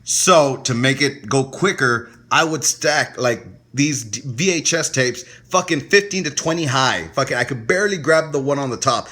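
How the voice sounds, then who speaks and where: A man's voice: medium pitch, normal speed, few pauses. A man co-hosting a podcast, telling stories in casual, profane, laughing chat. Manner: profane, laughing, animated storyteller. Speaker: podcast co-host.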